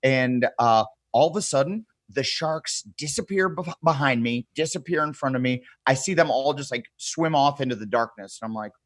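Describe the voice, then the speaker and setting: A man's voice: medium pitch, normal speed, hardly any pauses, no room sound. A man in his thirties, a podcast guest, telling a wild story in a casual, profane way and acting out the people he quotes.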